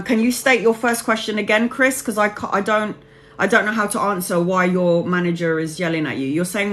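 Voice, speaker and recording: A woman with a mid-range, fairly bright voice does tarot readings on a live stream and chats with viewers. She's casual and affectionate, calling them honey and babes.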